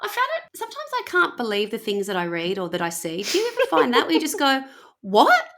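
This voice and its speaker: A woman hosting a podcast, telling a story in casual chat with animated, laughing delivery. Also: a little high, quick pace.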